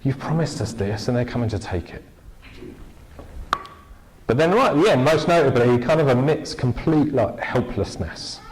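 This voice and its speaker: A man preaching a sermon in a relaxed, conversational way, telling stories with lively bursts and restarts. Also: medium pitch, normal speed, long pauses, a little hiss or hum, poor audio. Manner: conversational, animated storytelling with restarts. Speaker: pastor.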